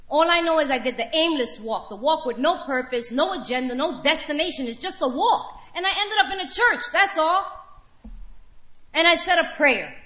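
Bright, high-voiced woman telling her recovery story. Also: reverberant. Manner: candid storytelling with wry laughs. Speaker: recovery meeting speaker. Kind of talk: personal testimony share.

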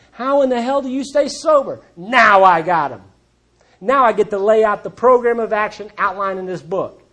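A man's voice: high voice, a bit bright. A man speaking to a recovery group, telling stories in a plainspoken, folksy and blunt way. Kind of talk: storytelling talk to a recovery group.

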